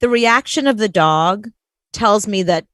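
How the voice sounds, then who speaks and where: A woman's voice: mid-range voice, a little slow, no room sound. A woman co-hosting a show, telling a story in casual chat and acting out the people she quotes. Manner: animated, acts out quoted voices. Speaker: co-host.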